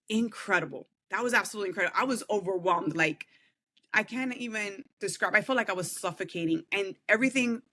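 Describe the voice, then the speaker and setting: A woman's voice: mid-range voice, bright, forceful tone. A woman who is a podcast guest, telling an emotional personal testimony in an earnest, heartfelt way with frequent "like" fillers.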